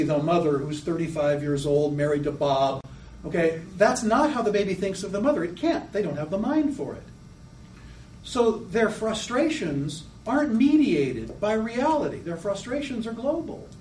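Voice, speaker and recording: In a high, animated voice, a man lectures on psychoanalytic theory, dropping into small acted-out children's voices to illustrate his points. He stands back from the mic in an echoey room, with a faint hum of room noise underneath.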